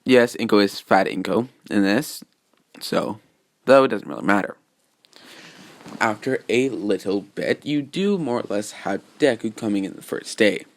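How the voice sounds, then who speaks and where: A man's voice: fairly low pitch, expressive, a little slow. A man casually retelling a fan story, rambling with lots of fillers.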